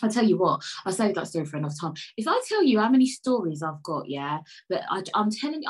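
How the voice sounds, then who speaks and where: A woman chatting casually to camera over a cup of tea, rambling, flipping between loud outbursts and quiet mutters. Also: fairly low pitch, very animated, quick pace, hardly any pauses, low-quality recording. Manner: sips tea while talking. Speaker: vlogger.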